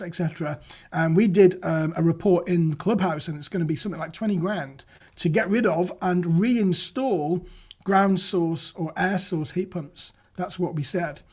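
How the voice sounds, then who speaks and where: A man's voice: sits high, breathy edge. A man hosting a casual live-stream property news show, reading out viewer comments, joking and laughing at his own stumbles. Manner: jokey, chatty, reads viewer comments aloud and laughs at himself.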